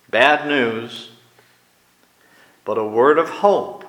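A man preaching a sermon, slow and deliberate, growing animated when he acts out the scene. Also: medium pitch, reverberant, poor audio.

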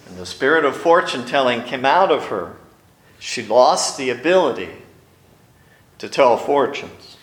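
A man's voice: a little high, lively intonation, unhurried, a bit bright, reverberant. A male pastor preaching a sermon, telling stories and acting out the quoted lines. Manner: storytelling, acts out quotes with raised voice. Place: church sanctuary.

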